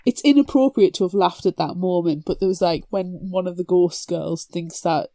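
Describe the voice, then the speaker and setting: A young adult woman co-hosting a podcast, chatting casually about a book, animated and quick to laugh and slip into quoted voices. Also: on the low side, no room sound. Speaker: podcast co-host. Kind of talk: casual book-discussion chat.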